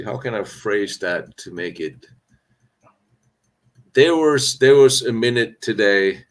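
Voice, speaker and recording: A man hosts a live stream Q&A on battlefield history indoors while traveling on location. His voice sits low with a fairly bright tone, and he talks candidly and rambles, with sarcastic asides and frequent restarts.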